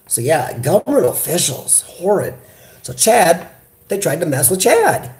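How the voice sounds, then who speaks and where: An American man hosts a casual live chat, animated and talkative as he answers his viewers. He talks straight into a computer webcam. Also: fairly high pitch, normal speed. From United States. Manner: animated, chatty, reads viewer comments aloud. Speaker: livestream host. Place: hospital room.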